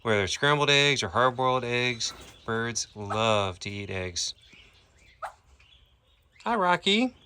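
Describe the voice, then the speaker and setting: A man with a lowish, bright and forceful voice narrates a casual vlog from an outdoor animal sanctuary. He explains animal care in plain words and coos at the animals between his explanations, with faint noise in the background. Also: steady tone, a little slow, few pauses.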